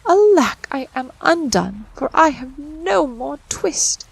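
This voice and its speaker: A woman's voice: high-pitched, very animated, slow pace, creaky, no echo, voice pushed up, heavily acted. A woman voicing a poor, anxious old male tailor who frets and mutters over his unfinished work. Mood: lamenting. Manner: fretting, lamenting, muttering to himself.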